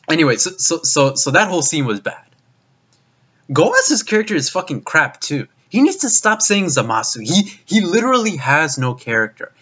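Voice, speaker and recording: A man's voice: fairly high pitch, pushed and bright, breathy edge. Exasperated young man ranting. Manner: profane, exasperated, frequent restarts. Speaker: anime reviewer. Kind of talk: ranting video review. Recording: dull lo-fi recording.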